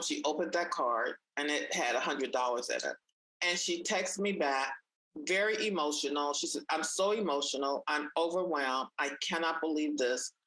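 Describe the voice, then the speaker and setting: A woman in conversation, telling a personal story with animated energy and acting out the voices of people she quotes. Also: poor audio. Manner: animated, acts out quoted voices, pitch jumps up in excited moments. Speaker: guest sharing a story.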